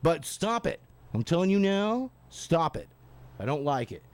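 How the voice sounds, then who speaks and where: A man's voice: on the high side, sing-song, measured pace. A man hosting a radio show, ranting in a blunt, profane, sarcastic way. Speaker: radio host. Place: radio studio.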